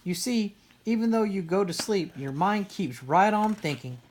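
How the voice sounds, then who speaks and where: A woman doing a gentle mother bear. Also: medium pitch, expressive, normal speed, a little hiss or hum, pitched above the performer's own voice, close to an everyday voice. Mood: soothing. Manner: soothing, explaining.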